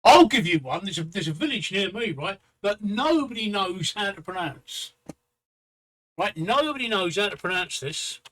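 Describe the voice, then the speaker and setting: Male stream host, high bright voice, repeats himself. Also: big pitch swings, normal speed, poor audio. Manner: chatty, teasing, repeats himself. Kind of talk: casual live-stream chat.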